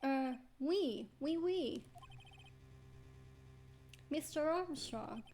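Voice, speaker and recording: A woman's voice: high-pitched, lively intonation, very slow, darkish tone, a little hiss or hum, voice pushed up, exaggerated voice. Woman playing a flustered chef from a game, apologetic. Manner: apologetic, sprinkles French words.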